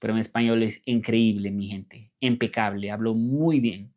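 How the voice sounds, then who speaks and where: A man's voice: lowish voice, fairly even intonation, a little fast, a little mellow. A man from Tennessee with a Southern accent, chatting casually on his livestream and answering viewer comments aloud. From Tennessee, USA. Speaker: livestream host and interpreter.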